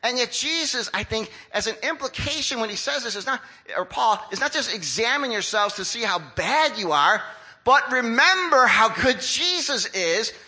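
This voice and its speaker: An older male pastor preaching in a high, piercing voice with a bright, cutting edge. His delivery is lively and conversational, and he slips into the voices of the people he describes. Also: moderate pace, low-quality recording. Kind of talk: sermon.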